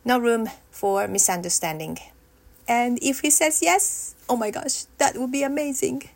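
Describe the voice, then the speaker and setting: A woman acts out a nervous teenage schoolgirl in a scripted monologue. She talks to herself slowly and haltingly and keeps stopping to rehearse. Her voice sits fairly high. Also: creaky. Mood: hopeful. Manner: hesitant and self-talking, stopping to rehearse lines.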